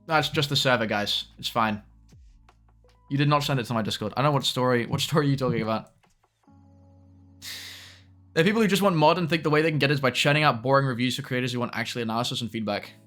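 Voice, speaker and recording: Bright-voiced young male streamer. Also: mid-range voice, soft background music. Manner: chatty, quick asides to chat. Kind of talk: live stream commentary.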